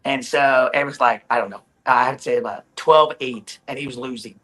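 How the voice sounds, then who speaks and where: Man, bright voice, rambling repetitive storyteller, slightly hoarse. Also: mid-range voice, a little fast, poor audio. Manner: repeats himself, restarts often. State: voice recovering from hoarseness. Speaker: volleyball guest. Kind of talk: casual chat.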